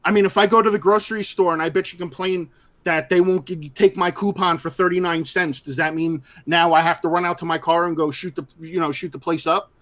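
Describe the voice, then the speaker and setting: Man, slightly high voice, blunt, animated, swearing, casual live chat. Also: a little fast. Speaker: podcast co-host.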